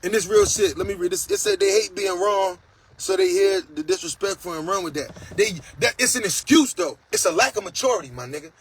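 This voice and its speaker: A man's voice: high voice, expressive, fairly quick, slightly rough, poor audio. A man hosting a casual livestream monologue, talking in a blunt, profane and preachy way, reading out viewer comments. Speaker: host.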